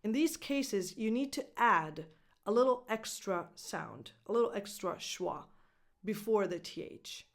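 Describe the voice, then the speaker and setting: A woman's voice: medium pitch, expressive, a little slow. A woman whose first language is Italian, teaching English pronunciation as a coach and enunciating each example carefully. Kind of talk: pronunciation lesson.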